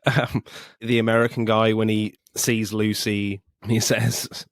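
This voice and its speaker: A man's voice: on the low side, little pitch movement, a little slow, no room sound. Male podcast co-host, casual, amused, dry close recording. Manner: laughs a lot, quotes lines with amusement. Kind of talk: casual film chat.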